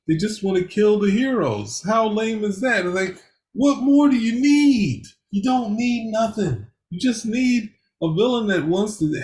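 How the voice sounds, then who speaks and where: A man co-hosting a podcast, rambling in casual chat with many hesitations. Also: on the high side. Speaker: podcast co-host.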